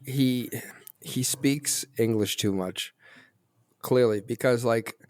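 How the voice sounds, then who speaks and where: A man's voice: medium pitch, slow, a little mellow, dry recording. A man co-hosting a podcast in casual chat, hesitant and full of restarts. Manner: hesitant, restarts a lot, mild and reasonable. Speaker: podcast co-host.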